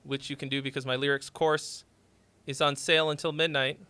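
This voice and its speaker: A man's voice: on the high side, flat delivery, fairly quick, bright, forceful tone, smooth, dry recording. A man hosting a livestream where he reviews listeners' songs, talking in a casual, rambling, offhand way. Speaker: music critic streaming live song reviews.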